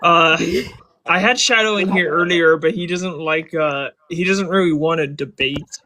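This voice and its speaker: Man, stream host, crude banter, laughing, slightly high pitch. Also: moderate pace, pushed and bright. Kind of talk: casual group chat on a live stream.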